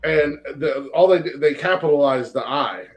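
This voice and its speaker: A man's voice: fairly high pitch, normal speed, low-quality recording. A man co-hosting a casual podcast, joking crudely and swearing freely. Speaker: podcast co-host. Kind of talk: casual chat.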